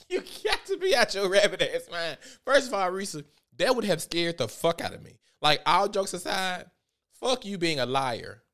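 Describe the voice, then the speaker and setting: Animated, profane man vlogging. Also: sits high, normal speed. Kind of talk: casual commentary.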